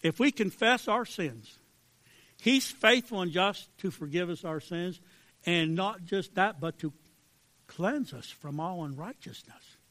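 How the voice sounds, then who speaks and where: Fervent preacher man, slightly high voice. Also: lively intonation, measured pace, no echo. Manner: fervent and emphatic, swinging between hushed and loud. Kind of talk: sermon with altar call.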